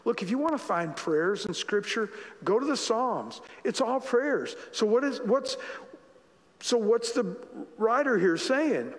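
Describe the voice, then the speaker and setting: A man pastor delivering a sermon in a fairly high voice, casual in tone and fond of repeating lines to drive a point home. His voice rings through a long, reverberant church hall. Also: sing-song, measured pace. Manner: conversational, repeats phrases for emphasis. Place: church sanctuary.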